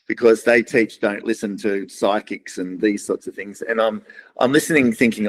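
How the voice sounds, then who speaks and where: A man's voice: on the low side, lively intonation, normal speed, low-quality recording. A middle-aged man with an Australian accent, a podcast guest telling rambling stories in casual talk and acting out what others said. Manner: rambling, acts out other people's lines in quoted voices. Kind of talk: casual storytelling interview.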